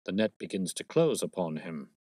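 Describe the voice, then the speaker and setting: A man voicing a stout, blustering police detective with a husky, wheezing voice and a pompous manner, read as a storybook. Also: low voice, sing-song, normal speed, warm tone, dry recording, clean studio sound. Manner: pompous, brash, self-satisfied. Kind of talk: storybook reading.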